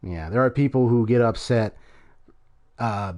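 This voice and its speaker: A man's voice: mid-range voice, unhurried, a little mellow. Guy streamer rambling about a game, lots of ums and restarts, average voice. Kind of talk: casual game commentary.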